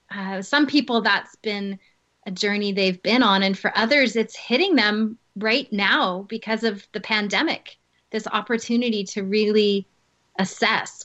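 A woman host with a bright, crisp voice speaks reflectively and encouragingly to her guest. Her voice comes through muffled and lo-fi, like a remote call recording. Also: medium pitch. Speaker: podcast host. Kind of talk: casual interview.

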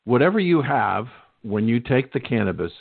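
A male radio talk show host interviewing a guest, measured and polite, setting up questions with anecdotes. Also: mid-range voice, sing-song, gravelly, dry recording. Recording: phone-like narrow band, dry.

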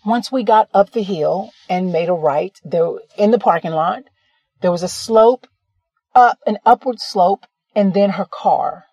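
A woman's voice: medium pitch, a little slow, mellow, husky, no echo. Chatty woman telling a story, dry sound. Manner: rambling, conversational, self-correcting. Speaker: podcast host. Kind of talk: casual personal storytelling.

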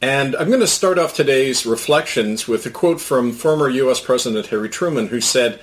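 A man's voice: mid-range voice, expressive, normal speed, few pauses, recorded from a distance. A man hosting his own program, reading a commentary column aloud in a sardonic storytelling manner. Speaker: commentator and host.

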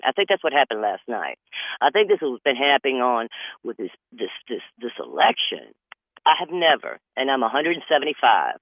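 A man's voice: mid-range voice, no echo. An older man doing a rambling comedy monologue, drifting between topics with wry asides and a repeated "I'm just saying.". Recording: dry, tinny phone-like radio audio.

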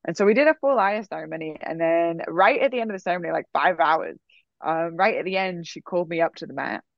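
A woman telling a personal story in a casual, animated way, full of fillers. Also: lowish voice, fast talker, gravelly, no room sound. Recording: dull, dry sound.

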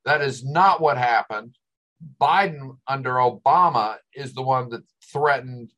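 A man's voice: mid-range voice, unhurried, fairly bright tone, rough recording. An older man hosting a talk show, ranting with exasperation and sarcasm. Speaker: host. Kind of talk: ranting commentary.

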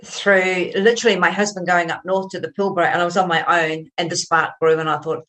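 A woman hosts the chat, asking questions in a reflective, measured way and agreeing readily. Her voice sits a little low for a woman. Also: steady tone, a bit bright. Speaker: host, writer. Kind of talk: casual interview chat.

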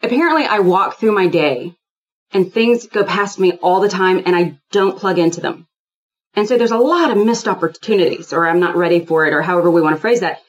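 Animated rambling woman, low voice. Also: fairly quick, dull audio. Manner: rambling, animated, acts out quoted dialogue. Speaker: guest. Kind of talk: casual spiritual chat.

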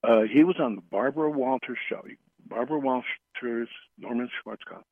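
A man, a guest on a radio interview, telling stories in an earnest, halting way that circles back on its phrases. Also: medium pitch, no room sound. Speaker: radio show guest, flower remedy practitioner. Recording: tinny phone line, dry.

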